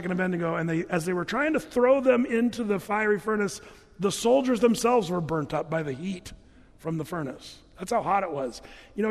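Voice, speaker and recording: A man's voice: high voice, big-room sound. A man pastor preaching a sermon, telling Bible stories in a casual, humorous way. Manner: conversational, humorous storytelling preacher.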